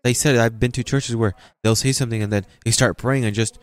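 A man's voice: medium pitch, fairly even intonation, brisk. A man preaching a sermon, acting out the voices of churchgoers as he tells stories. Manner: acts out voices of churchgoers and God in quotes.

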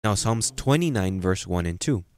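A man preaching a sermon, repeating phrases for emphasis and reading scripture slowly. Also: low voice, expressive, a little mellow, no echo. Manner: reads scripture slowly and deliberately. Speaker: pastor.

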